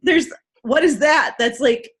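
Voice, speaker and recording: A woman's voice: sits high, measured pace. Chatty woman retelling a story. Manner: animated storytelling, acts out quoted people, laughs often. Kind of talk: casual recap chat.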